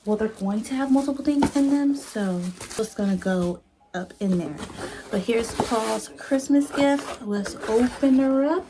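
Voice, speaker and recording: Young woman, casual vlog chat, phone front camera, self-teasing, hushed asides, noisy background. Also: a little high, unhurried. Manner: chatty and self-teasing, drifting to hushed tones. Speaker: vlogger.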